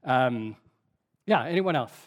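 A man's voice: medium pitch, expressive, slow, highs cut off. A male pastor giving an interactive sermon, repeating the congregation's answers and talking conversationally with frequent fillers. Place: church sanctuary.

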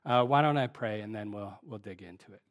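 In a church sanctuary, a male pastor with a lowish voice and fairly quick pace gives an interactive sermon. He repeats the congregation's answers and talks conversationally, with frequent fillers.

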